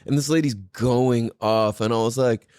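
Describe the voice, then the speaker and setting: A man hosting a podcast, telling a story in a casual, profane and animated way. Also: medium pitch, moderate pace, no room sound, clean studio sound. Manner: animated, profane, laughing often. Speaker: podcast host.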